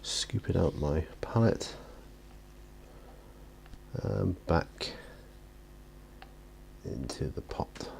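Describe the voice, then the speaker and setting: A tired man with a notably deep, low voice talks casually from his home hobby studio while he paints. He rambles in a self-deprecating way and keeps yawning. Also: expressive, extremely slow, vocal fry, pauses often, darkish tone, a little hiss or hum.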